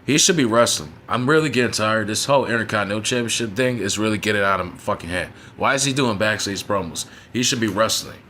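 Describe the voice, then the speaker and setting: A man's voice: fairly low pitch, bright, forceful tone, slight background noise. A man reviewing a wrestling show in a casual, profane, frustrated rant, often asking "you know what I'm saying?".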